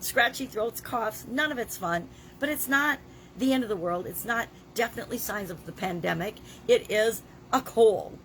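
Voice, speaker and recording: A woman's voice: on the high side, moderate pace, a bit bright. A woman in her sixties, talking casually in a daily video diary while she has a cold and a scratchy throat, chatty and emphatic with the odd cough. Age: 60s. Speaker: vlogger.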